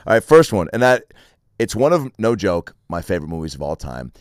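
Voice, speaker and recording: A man's voice: low-pitched, big pitch swings, brisk. A man hosting a casual interview, asking eager, joking questions. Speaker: podcast host.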